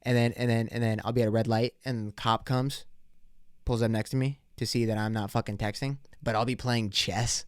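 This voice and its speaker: A young man rants into a close, dry mic on his solo podcast, his voice smooth and resonant. He swears constantly, drops bro slang, and rambles through stories. He acts out both sides of made-up run-ins. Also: fairly low pitch, steady tone, brisk, dry recording. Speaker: podcast host. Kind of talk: casual solo podcast rant.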